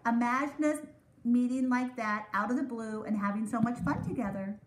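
A woman's voice: on the high side, close to an everyday voice. A woman doing an eager little squirrel. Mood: excited. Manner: excited, quick storybook voice. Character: eager cheerful male squirrel, small and bouncy. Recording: echoey room.

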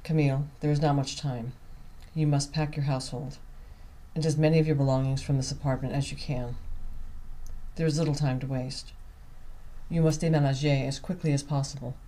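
A man voicing a methodical, serious Frenchman in an audiobook reading, who delivers his lines gravely and insistently. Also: mid-range voice, fairly even intonation, brisk, dark tone, lightly acted. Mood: urgent.

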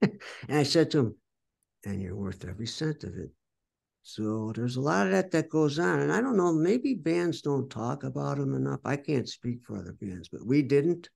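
An older man from the United States tells blunt, candid stories in an interview, and his voice has a gravelly edge. He swears freely and keeps slipping into quoted back-and-forth from old conversations. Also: fairly high pitch, lively intonation, moderate pace, darkish tone. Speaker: rock guitarist and songwriter, interview guest.

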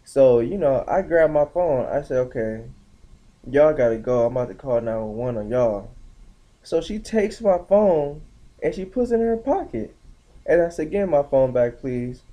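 A young man telling a story casually on his vlog, slangy and animated, acting out the other people's lines in shifting voices. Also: on the high side, unhurried, lo-fi sound. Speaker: vlogger.

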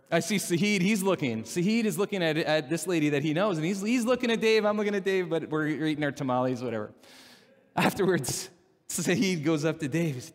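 Animated preacher in a reverberant church. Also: male voice, sits high, a little fast. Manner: animated storyteller, gets louder and laughs at his own stories. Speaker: pastor. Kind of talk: conversational sermon with stories. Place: church sanctuary. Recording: long hall reverb from a church.

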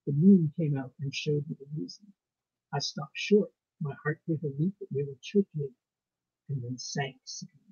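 A man reading his ghost story aloud with a measured, suspenseful delivery and pauses. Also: a little high, breathy edge, dry recording. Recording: muffled lo-fi recording.

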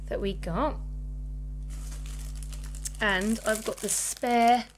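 A woman in her thirties gushes through a home unboxing, gasping and exclaiming as she talks with her daughter. Her voice sits a little high for a woman. A faint hum runs under the camera mic. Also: fairly even intonation, extremely slow. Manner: gushing, keeps gasping and exclaiming. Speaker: mother filming with her daughter. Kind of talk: excited unboxing vlog.

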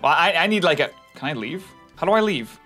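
A bright, lively young man chatting through a game session, his pitch jumping around as he reacts. He talks fast and loose, swears casually, and gets excited easily, with faint game music underneath. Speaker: co-host of a gaming video. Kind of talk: casual chat over gameplay.

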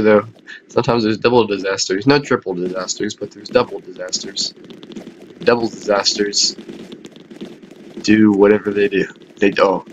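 A tired man giving rambling, chatty commentary over a video game, with quieter mumbled asides. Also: medium pitch, highs cut off, slight background noise. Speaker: gameplay commentator.

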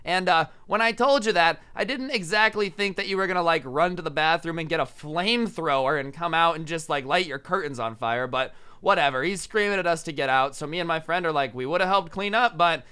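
A young man, a storytime vlogger, telling a story in a casual, animated way, often saying "like" and shouting out the lines he quotes. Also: fairly high pitch, a little fast, few pauses, clear, resonant tone.

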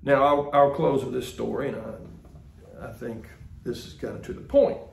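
A man's voice: medium pitch, fairly even intonation, moderate pace, gravelly, a little mellow, roomy sound, a little hiss or hum. A man, preaching a sermon as the pastor in a folksy, conversational storytelling way. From Mississippi, US.

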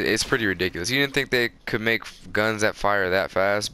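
Gravelly, bright-voiced hyped gamer man. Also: lowish voice. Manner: excitable, boastful, hyped bursts and breathy asides to viewers. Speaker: gaming video creator. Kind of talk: live gameplay commentary. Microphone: close desk microphone.

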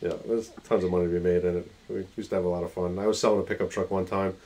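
A man's voice: low voice, flat delivery, very fast, darkish tone, slight background noise. A man hosting a live video call show, who laughs often and answers with short, enthusiastic replies. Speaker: host. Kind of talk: casual chat.

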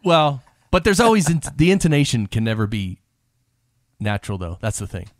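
Host, male, mid-pitched, chatty and laughing, dry close mic. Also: big pitch swings, dry recording. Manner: chatty, quick to laugh, many fillers like "like". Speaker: podcast host. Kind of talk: conversational interview.

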